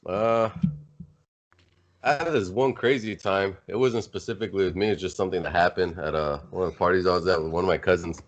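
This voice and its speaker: A man's voice: deep voice, a little fast. A man on a podcast, telling a story in a laid-back way and swearing freely. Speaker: podcast co-host. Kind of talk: casual chat. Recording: dull lo-fi sound.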